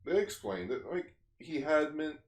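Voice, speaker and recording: A man co-hosting a podcast in casual chat, telling stories with halting restarts and steering the conversation. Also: on the high side, echoey room. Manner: animated storyteller, halting restarts, steers the talk. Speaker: podcast co-host.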